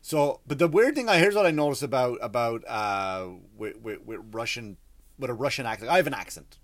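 Irish man, 30s, podcast comic, rambling profane storyteller, mid-pitched voice. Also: animated, brisk, no room sound. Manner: rambling, profane, frequent restarts and asides. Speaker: comedian and podcast host.

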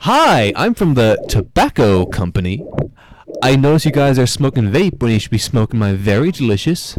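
Fake-cheery tobacco salesman guy, all sales pitch, man putting it on. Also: sing-song, moderate pace, background noise, close to an everyday voice. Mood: salesy. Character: pushy male tobacco salesman.

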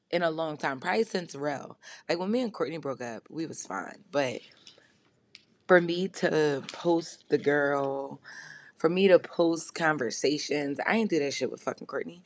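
Blunt, rambling woman with a low voice. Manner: rambling, jumps from topic to topic; blunt and heavily profane. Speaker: podcast host. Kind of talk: casual confessional monologue.

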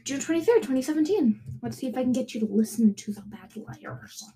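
A woman's voice: high voice, lively intonation, fairly quick, dark tone, poor audio. A young woman hosting a casual solo podcast, bubbly and giggly, full of rambling asides. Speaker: podcast host.

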